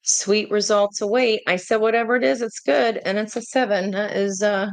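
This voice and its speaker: A woman giving a casual tarot reading to her viewers, chatty and excitable, breaking into gushing exclamations. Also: medium pitch, moderate pace, dry recording. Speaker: tarot reader.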